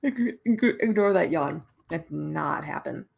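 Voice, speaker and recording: A tired, yawning woman hosting an early-morning writing livestream, chatting casually with many restarts and soft laughs. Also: deep voice, lively intonation, a little slow, vocal fry. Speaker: livestream host running writing sprints. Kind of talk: casual live stream chat.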